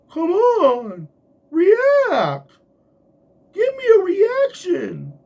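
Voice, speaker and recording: Husky man ranting in a vlog. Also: high voice, a little mellow, far from the mic. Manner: angry, profane venting. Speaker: security guard. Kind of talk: vlog rant.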